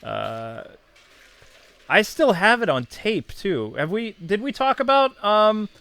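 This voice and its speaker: A man's voice: sits high, very animated, slow pace, sharp tone. A man in his thirties, a channel host, casually reminiscing in a chatty, digressive way with many asides.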